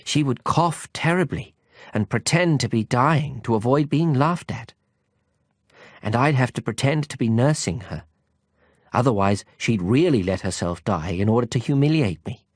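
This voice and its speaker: A man voicing a small, earnest boy prince in an audiobook, speaking high, soft and wistful. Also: lively intonation, moderate pace, dry recording, clean studio sound, natural voice. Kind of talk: audiobook character voice.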